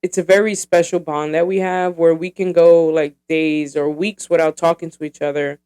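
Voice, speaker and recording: A woman's voice: low voice, level tone, normal speed, warm tone, smooth. A woman in her thirties hosting her own podcast, talking in a casual, rambling, profane way with lots of fillers. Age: 30s. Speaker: podcast host.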